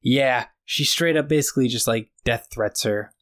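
A podcast co-host with a medium-pitched, fairly bright voice talks at a normal speed. In casual conversation he retells a story, acting out scenes with quoted dialogue and using plenty of fillers.

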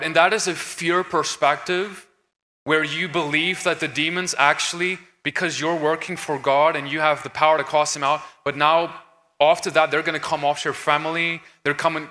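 A man talks on a conference stage in an earnest, emphatic preaching tone, restarting his phrases as he goes. His voice is bright and set a little high. It rings out with a long reverb from a large hall. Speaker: conference speaker on deliverance ministry. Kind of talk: stage discussion.

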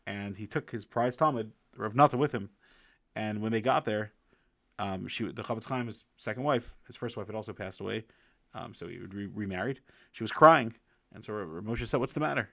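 Halting, gravelly-voiced man reviewing a book. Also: fairly low pitch, fairly bright tone, no echo, clean studio sound. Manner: halting, with frequent restarts and fillers. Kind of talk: casual storytelling book review.

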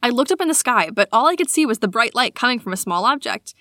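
A higher-pitched woman co-hosts a casual podcast and reads listener stories aloud with plenty of animation. She giggles easily between lines. The sound is dry and close to the mic, with no room around it. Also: expressive, fast talker, bright, forceful tone, no echo. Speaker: podcast co-host.

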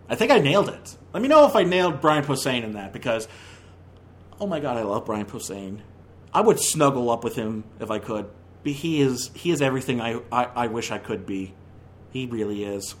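A man's voice: mid-range voice, animated, moderate pace, slight background noise. A man hosting a movie podcast, ranting in a heated, opinionated way, with many stumbling restarts. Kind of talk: casual opinionated review.

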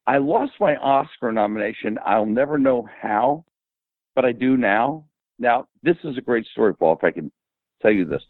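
A man in his seventies, an interview guest, telling animated anecdotes and acting out the dialogue. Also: mid-range voice, normal speed, no room sound. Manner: animated anecdote teller who acts out quoted dialogue. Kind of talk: casual storytelling interview. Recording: tinny phone-like dry audio.

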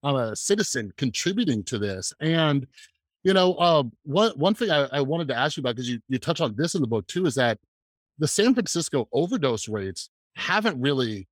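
A man hosting an interview podcast, asking long questions with halting restarts and fillers. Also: on the high side, very animated, dry recording. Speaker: podcast host. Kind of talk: casual interview conversation.

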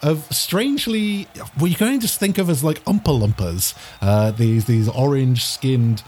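A man's voice: medium pitch, normal speed, darkish tone, a little hiss or hum. A man narrating a tabletop race game as game master, rambling with many fillers and frequent laughs.

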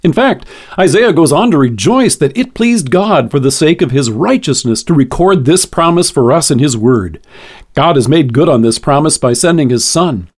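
Male devotional reader, slightly high voice, lively pitch, measured and earnest. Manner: measured, earnest reading with quoted scripture. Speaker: devotional speaker. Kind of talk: scripted devotional reading.

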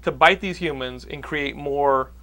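A man's voice: a little high, measured pace, bright, forceful tone. A man hosting a podcast, recapping a movie plot in casual chat with many restarts. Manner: rambling, restarts a lot. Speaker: podcast host.

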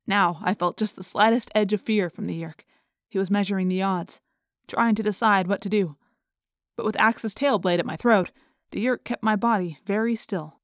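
A woman's voice: medium pitch, normal speed, no echo. Woman narrating an audiobook, dry and close. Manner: steady storytelling. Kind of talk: first-person audiobook narration.

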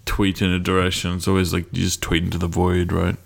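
A man co-hosting a laid-back podcast chat. His voice sits very low with a gravelly fry, and he talks in halting bits, often restarting and filling gaps with ums. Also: monotone. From Australia. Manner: hesitant, many restarts and ums. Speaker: podcast co-host. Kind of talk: casual chat.

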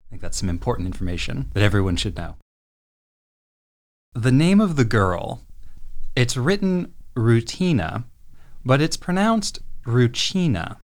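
A man's voice: medium pitch, big pitch swings, moderate pace, long pauses. A man co-hosting a casual podcast discussion, with wry, dry humor. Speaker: podcast co-host.

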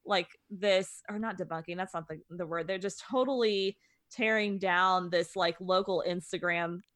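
A woman's voice: on the low side, moderate pace, dry recording. A young woman co-hosting a podcast, casually and bluntly gossiping. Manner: gossipy, blunt, animated storytelling. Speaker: podcast co-host. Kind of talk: casual chat.

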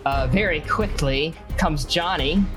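A woman narrating a tabletop role-playing game as game master, with an animated delivery and frequent "uh" and "um" fillers. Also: deep voice, measured pace, music in the background, low-quality recording. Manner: lively narration with hesitant fillers.

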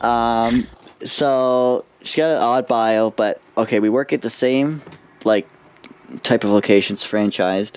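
A man's voice: mid-range voice, slow, a little hiss or hum. A young man in casual chat with friends, making dry joking remarks.

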